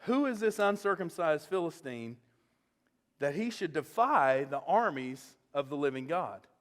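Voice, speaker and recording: A man's voice: fairly high pitch, lively intonation, measured pace, big-room sound. A man voicing a young shepherd who is earnest and bold, and incredulous at what he hears.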